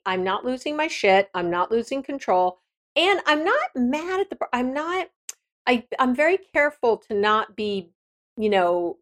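A woman hosting an advice podcast, talking frankly and directly in a casual monologue with frequent restarts. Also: a little high. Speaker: podcast host.

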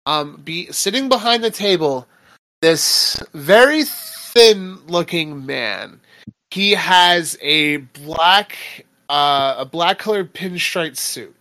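A man's voice: fairly high pitch, animated, takes it slowly, bright, forceful tone, no room sound. A man narrating as game master of a tabletop game, describing scenes in a rambling way with fillers.

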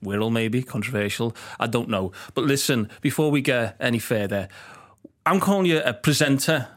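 A man with a middle pitch hosts a relaxed studio chat. He teases his guest and keeps stumbling and repeating words as he talks. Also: normal speed. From Liverpool, England. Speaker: podcast host and stand-up comedian. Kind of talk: casual interview. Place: warm studio.

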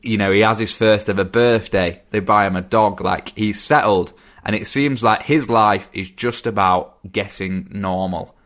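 Young man, low voice, casual podcast host, laid-back and chatty. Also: moderate pace, few pauses, a bit bright. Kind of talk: casual film chat.

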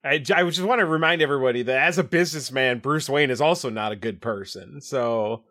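A man's voice: medium pitch, fairly quick, sharp tone. A man playing a tabletop game, reasoning things out with wry humor. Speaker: player. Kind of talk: casual tabletop game banter.

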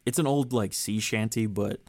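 In a relaxed conversation among friends, this podcast host wanders from point to point and fills the gaps with plenty of filler words. He speaks in a lowish voice at a moderate pace, with no echo.

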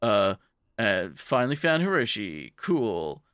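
A man's voice: lowish voice, sing-song, slow, fairly bright tone, clear, resonant tone, no echo, studio quality, full character voice. A man giving a casual, offhand paraphrase of a grown man in a cartoon while recapping it. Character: grown man reuniting with old friend, casual.

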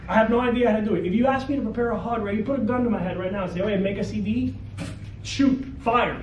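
A male lawyer giving a blunt, animated seminar talk to an audience of realtors, peppered with "okay" and "right". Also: high voice, rapid-fire, muffled recording. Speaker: real estate lawyer. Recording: roomy, distant mic with faint ambient noise.

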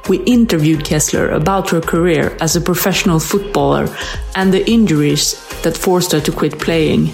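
A woman's voice: on the low side, gravelly, darkish tone. A woman reading a formal scripted introduction to a podcast episode. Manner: measured, formal. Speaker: podcast host.

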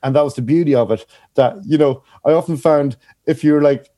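Irish male comic guest, mellow tone, chatty and rambling. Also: a little high. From Ireland. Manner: chatty rambling storyteller, quick to laugh. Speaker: guest comedian. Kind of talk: casual chat.

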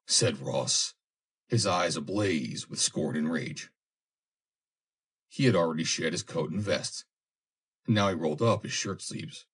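A man reads an adventure story aloud in a measured, dramatic way. His voice sits very low and deep. It has a husky, breathy grain. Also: a bit bright. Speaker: narrator. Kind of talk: dramatic audiobook narration.

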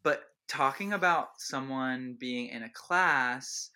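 A young woman chatting as a podcast guest, telling stories in an animated, self-mocking way. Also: rumbling low, slow. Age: young adult. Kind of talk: casual chat.

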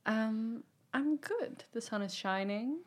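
A woman co-hosting a podcast, chatting casually and teasing her co-host. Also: a little high. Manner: teasing, quick to laugh. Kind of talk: casual chat.

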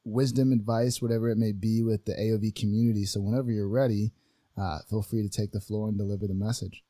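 A man hosting a podcast in a casual, friendly chat, easygoing and warm with his guest. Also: lowish voice, fast talker, dry recording, clean studio sound. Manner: relaxed, friendly, calls guest bro. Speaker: podcast host.

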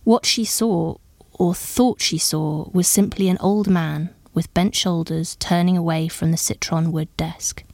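A woman narrating a story in a measured, even storytelling manner. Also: on the low side, vocal fry, dry recording, studio quality. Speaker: audiobook narrator.

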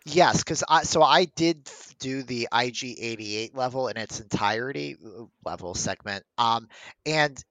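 A man's voice: mid-range voice, unhurried, fairly bright tone, no echo, rough recording. Eager, stammering podcast co-host, a man. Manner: enthusiastic, stammers on restarts. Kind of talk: casual chat.

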